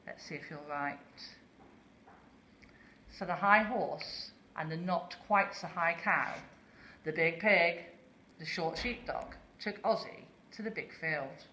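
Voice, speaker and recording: A woman reading a children's story aloud slowly and expressively, asking listeners questions. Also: sits low, pushed and bright, reverberant, slight background noise.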